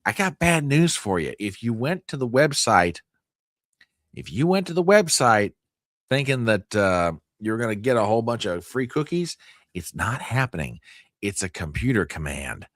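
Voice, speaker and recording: His voice sits in the mid-range and swings widely in pitch, coming across a bit bright at a normal speed. It's joking livestream commentary as he hosts a news stream and teases his chat with exaggerated fake outrage, all in a dry, clean studio recording.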